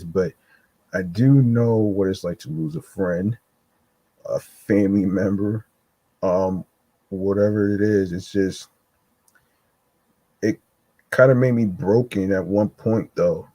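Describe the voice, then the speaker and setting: Halting, choked-up man, slow and low. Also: mellow, no room sound, poor audio. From New York. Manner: halting, many fillers and restarts, emotional. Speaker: podcast host. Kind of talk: solo podcast commentary.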